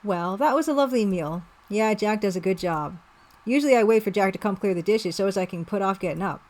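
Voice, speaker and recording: A woman's voice: mid-range voice, lively intonation, brisk, a little mellow, natural voice. Stubborn folksy older man, blunt and plain-spoken, a woman's light take. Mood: easygoing.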